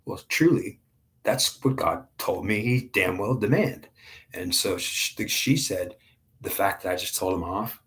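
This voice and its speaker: A man in his forties tells a personal spiritual testimony with raw, intense emotion. His voice sits somewhat low, and he speaks bluntly, swearing freely. He often stumbles and restarts his sentences. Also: expressive, unhurried, a bit bright. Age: 40s.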